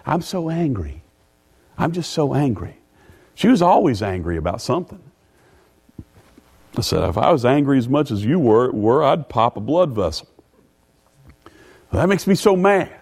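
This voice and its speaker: A middle-aged man preaching a sermon in a folksy way, stumbling over repeated words and rising in pitch when reading scripture. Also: a little mellow. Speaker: pastor.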